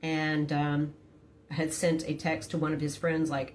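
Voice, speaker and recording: A middle-aged woman telling a personal story in a casual storytime, blunt and profane but quiet, never raising her voice. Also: level tone, a little slow, slight background noise. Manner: quiet, low-key delivery.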